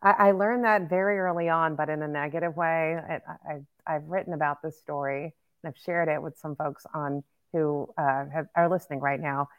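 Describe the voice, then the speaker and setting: Low-voiced woman hosting a chatty podcast. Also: fairly even intonation, moderate pace, few pauses, smooth, muffled recording. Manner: chatty, agreeing, many fillers like "right?". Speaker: podcast host. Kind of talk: casual podcast conversation.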